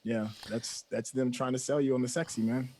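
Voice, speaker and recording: A man's voice: medium pitch, a little fast. Joking man co-hosting a live stream. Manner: joking, animated, laughs often. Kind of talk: casual chat.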